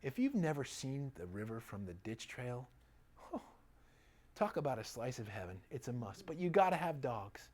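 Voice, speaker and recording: Middle-aged man, chiropractor giving a relaxed seminar talk; animated, chatty storyteller who laughs easily. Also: medium pitch, normal speed. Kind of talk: casual seminar talk with personal stories.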